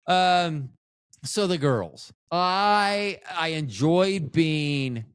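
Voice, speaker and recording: A man's voice: on the high side, lively intonation, extremely slow, smooth, dry recording. Rambling, profane man telling stories. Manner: rambling, profane, self-mocking. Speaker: podcast host. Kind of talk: casual storytelling monologue.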